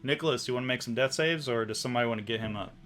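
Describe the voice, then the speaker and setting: A man narrating as game master, in a slow, hushed style with pauses. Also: medium pitch, soft background music.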